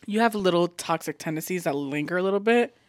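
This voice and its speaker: A woman's voice: on the low side, fast talker. A woman co-hosting a podcast with her partner, telling stories animatedly and laughing through her lines. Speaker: podcast co-host. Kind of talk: casual couple chat.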